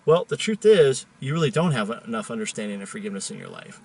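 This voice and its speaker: A man voicing God as a calm, patient male figure, speaking in a quiet, measured way. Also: medium pitch, creaky, breathy edge, voice pushed down.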